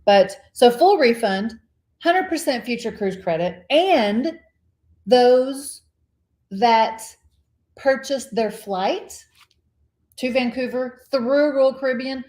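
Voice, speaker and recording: A woman tells a story in a chatty, animated way, laughing often. Her voice sits fairly high. The room around her is echoey. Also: slow pace. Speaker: co-host of a cruise vlog live show. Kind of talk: casual live-stream chat.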